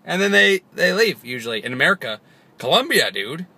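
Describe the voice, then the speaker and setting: Goofy young guy vlogging, bright forceful voice, kinda high, keeps squeaking up into silly voices. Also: sing-song, fairly quick, gravelly, slightly rough, no room sound. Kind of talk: rambling comedic vlog.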